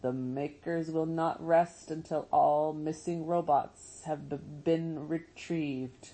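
A woman voicing a dying male hunter robot that speaks in a quiet, garbled, stuttering voice. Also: low-pitched, steady tone, slow pace, low-quality recording. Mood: menacing, dying.

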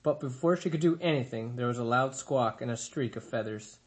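A man reads a children's novel aloud, steady and expressive. His voice sits in a plain middle register. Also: medium pitch, fairly quick. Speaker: reader.

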